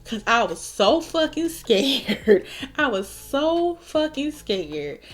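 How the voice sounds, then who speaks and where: A woman's voice: sits high, takes it slowly, faint music behind. A young woman telling a wild storytime while doing her makeup, swearing and laughing as she goes. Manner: animated, swearing, laughing often. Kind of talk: casual storytime chat.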